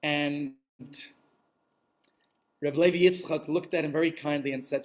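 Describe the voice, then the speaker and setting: Man telling an old hasidic tale, lively, high-pitched, drops yiddish words. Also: measured pace, long pauses. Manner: animated, peppered with Yiddish words. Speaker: storyteller. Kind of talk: Hasidic story told aloud.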